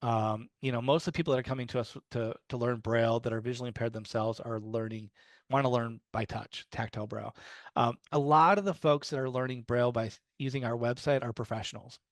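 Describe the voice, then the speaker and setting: A man's voice: mid-range voice, fairly even intonation, quick pace. A man in an easy storytelling mode talks to a group, his sentences full of fillers and restarts. His voice sits in a middle register, and the sound is dry and close with no room echo. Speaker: guest speaker on low-vision resources. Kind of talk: casual talk to a small group.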